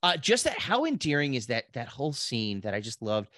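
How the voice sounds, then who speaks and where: A man's voice: mid-range voice, huge pitch swings, brisk, fairly bright tone, dry recording, clean studio sound. A man from Pennsylvania co-hosting a podcast, easygoing and agreeable, often restarting his sentences. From Pennsylvania, USA. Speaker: podcast co-host, comedian. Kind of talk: casual chat.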